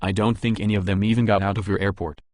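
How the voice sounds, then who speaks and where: A talkative male engineer rattles on eagerly in an audiobook, voiced by a narrator. The voice is low and dry. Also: fairly even intonation, fast, darkish tone, no echo, close to an everyday voice.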